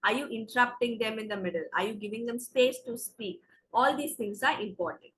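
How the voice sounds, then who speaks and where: A woman's voice: a little high, brisk, fairly bright tone, a little hiss or hum, low-quality recording. A woman with an Indian English accent teaching an exam preparation class, explaining step by step and checking in with "okay". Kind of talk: classroom lecture.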